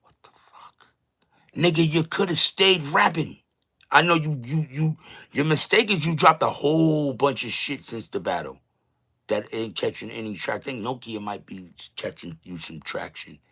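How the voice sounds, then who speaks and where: Man, live stream host, casual commentary, profane ranting, bright forceful tone. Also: medium pitch, moderate pace, creaky, breathy edge. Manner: loud, profane, animated ranting.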